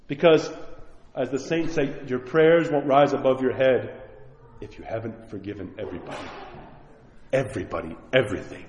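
A man's voice: mid-range voice, lively intonation, fairly quick, darkish tone. A man preaching a sermon as a priest, earnest and emphatic as he exhorts and tells a story. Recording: echoey hall, dull lo-fi sound.

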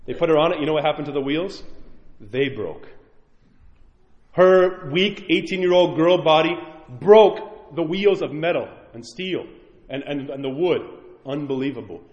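A man, an Orthodox priest, preaching a sermon with animated storytelling and questions to the congregation. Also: on the high side, unhurried, roomy sound, long reverb tail, dull audio. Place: church.

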